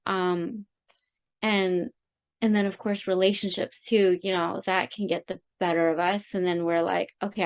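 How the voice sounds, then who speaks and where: A woman co-hosting a podcast in casual chat, speaking haltingly with many pauses and restarts. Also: medium pitch. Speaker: podcast host.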